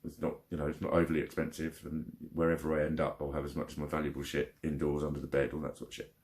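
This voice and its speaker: Swearing heavily, a young man angrily rants in a personal vlog about a frustrating phone call. His voice is a rumbling low monotone with a darkish tone, and he talks fast.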